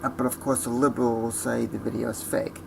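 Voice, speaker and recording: Gravelly man ranting on a noisy vlog. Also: mid-range voice, flat delivery, quick pace. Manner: blunt, scornful ranting. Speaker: vlogger.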